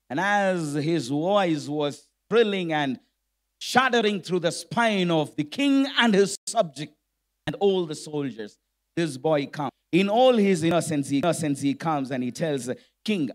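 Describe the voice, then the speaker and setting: A man's voice: on the high side, animated, unhurried. A man, a church elder, preaching a storytelling sermon and putting direct questions to the congregation.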